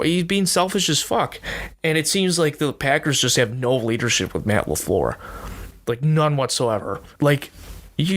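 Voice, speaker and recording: A man's voice: mid-range voice, a bit bright. A young man hosting a sports podcast, ranting in a heated, profane, rambling way with lots of restarts. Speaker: podcast host. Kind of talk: casual sports rant.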